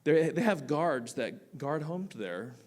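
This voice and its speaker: Animated man telling a story on stage. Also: on the high side, slow pace. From United States. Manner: animated, swinging from loud bursts to quiet asides; casual, with frequent "like" fillers. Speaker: teacher telling a personal story. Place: theatre stage.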